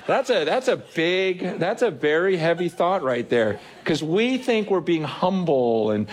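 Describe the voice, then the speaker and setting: Pastor, male, fairly high voice, heartfelt sermon delivery with quoted inner dialogue. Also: animated, a little slow. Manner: earnest, self-questioning preaching with acted-out inner voices.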